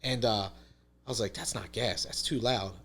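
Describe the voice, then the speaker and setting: A man's voice: fairly low pitch, moderate pace, pushed and bright. A man talking as a podcast guest, telling a story in casual conversation, emphatic, swearing freely and saying "dude" and "literally" a lot.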